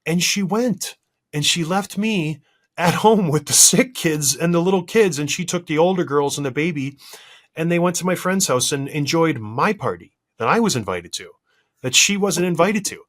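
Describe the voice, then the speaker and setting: A man co-hosting a podcast, telling a story in an animated, exasperated and self-deprecating way. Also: fairly high pitch, moderate pace. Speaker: podcast co-host. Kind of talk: casual podcast chat.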